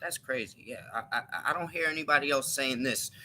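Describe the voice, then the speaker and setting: Bright-voiced man ranting on a live stream. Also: medium pitch, brisk, slight background noise. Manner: emphatic, repeats and restarts words. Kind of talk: live-stream opinion monologue.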